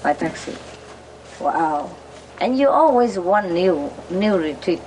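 A woman's voice: fairly low pitch, sing-song, takes it slowly, rough recording. A woman coaxing a pet bird in a sing-song voice, then chatting casually with a visitor. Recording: loud crowd and background noise.

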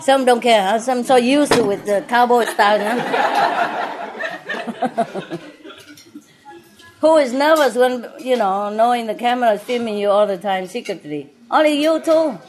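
Her fairly high voice moves at a moderate pace with many pauses as she hosts guests at her restaurant table. Joking and laughing often, she talks in non-native English with some French, and clinking dishes echo through the loud dining room.

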